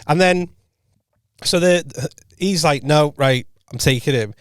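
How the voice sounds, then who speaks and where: A man co-hosting a podcast, telling a rambling anecdote in casual chat, full of self-corrections and quoted dialogue that he voices quietly. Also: fairly high pitch, takes it slowly, clear, resonant tone, no room sound, studio quality. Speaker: podcast co-host and comedian. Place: podcast studio.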